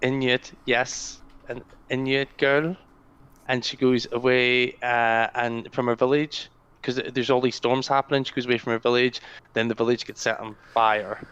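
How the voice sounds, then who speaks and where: A man's voice: medium pitch, moderate pace, clean tone. A man co-hosting a casual gaming podcast, telling stories about games with enthusiasm. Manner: enthusiastic, animated storytelling. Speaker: podcast co-host. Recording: slightly dull lo-fi audio.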